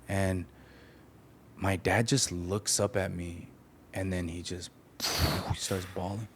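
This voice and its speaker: A man with a deep, low voice shares a deeply personal story in conversation. He talks candidly and haltingly, restarting his sentences as he reflects. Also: flat delivery, slight background noise. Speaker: podcast guest. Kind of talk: emotional storytelling.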